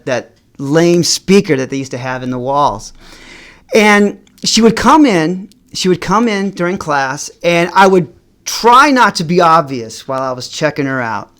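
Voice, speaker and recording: A middle-aged vlogger shares a personal story with his audience. His delivery comes in halting bursts with repeated words, and both his pitch and volume keep rising and falling.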